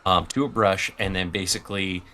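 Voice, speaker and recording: Man, very low voice, bright forceful tone, patient step-by-step explainer, casual stream chat. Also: steady tone, a little fast. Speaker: painting stream host.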